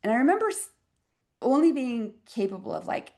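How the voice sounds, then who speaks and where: A woman physician in her fifties, a podcast guest telling a personal story in a reflective, expressive way with wry asides. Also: high voice, a little fast. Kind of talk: conversational interview storytelling.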